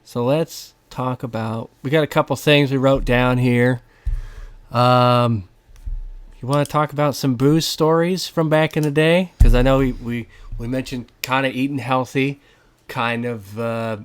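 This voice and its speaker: A man in the middle of his range hosts a relaxed podcast conversation. He keeps things laid-back, laughs along with his guest, and steers the talk with casual questions. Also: medium pitch, measured pace, smooth. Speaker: podcast host. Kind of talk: casual chat.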